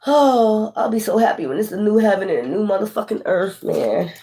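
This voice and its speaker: A tarot reader giving a casual spiritual monologue, preachy and excitable, swearing often, laughing, and rambling with frequent restarts. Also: medium pitch, a little fast.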